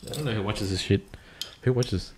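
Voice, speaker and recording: A man's voice: on the low side, fairly quick, slight background noise. A man co-hosting a casual podcast, dropping short dry remarks. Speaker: podcast co-host. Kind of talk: casual chat.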